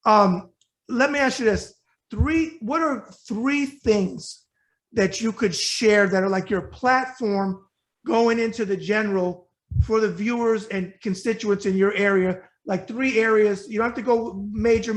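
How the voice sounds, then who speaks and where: A male web show host from New York asks his guest questions. He talks fast and bluntly in a high voice and repeats his points for emphasis. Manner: blunt, rapid, emphatic and repetitive. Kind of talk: casual interview.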